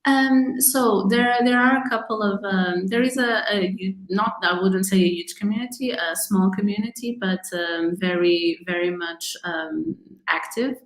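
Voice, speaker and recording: A woman's voice: mid-range voice, unhurried, hardly any pauses, reverberant, rough recording. A woman answering interview questions in a hesitant way, with many fillers and restarts. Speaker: speaker being interviewed.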